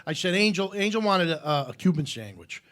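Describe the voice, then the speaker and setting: A man hosting a casual chat, rambling through an anecdote with halting fillers. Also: high voice, sing-song, fairly bright tone. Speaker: host.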